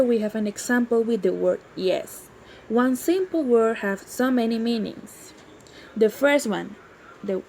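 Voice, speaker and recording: A woman gives a class presentation in a slightly high voice. She talks slowly and hesitantly and repeats words. A faint hiss of noise sits under the recording. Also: gravelly, darkish tone, poor audio.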